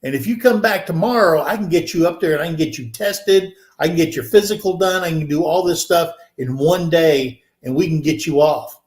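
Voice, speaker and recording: An older man in his sixties with a slightly high voice spins a casual, rambling story full of fillers and restarts. He acts out the people he quotes by lifting his voice, and the recording carries a noticeable echo of the room. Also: a little fast, few pauses, a little mellow. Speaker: podcast co-host. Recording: echoey room.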